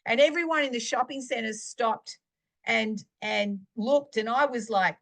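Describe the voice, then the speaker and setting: A middle-aged woman, sharing a faith testimony in a chatty, animated storytelling way. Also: on the high side, a little slow. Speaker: podcast host.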